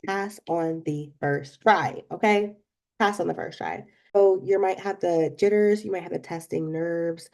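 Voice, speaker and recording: A young woman hosting a podcast, telling an animated story and giving casual advice straight to her listeners. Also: lowish voice, unhurried, creaky. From not from Florida. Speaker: podcast host.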